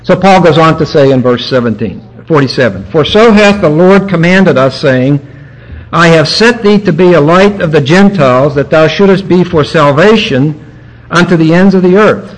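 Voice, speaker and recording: A male preacher giving an expository sermon, teaching word by word with emphatic pauses. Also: fairly high pitch, expressive, poor audio. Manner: teacherly, explaining grammar point by point with emphatic pauses.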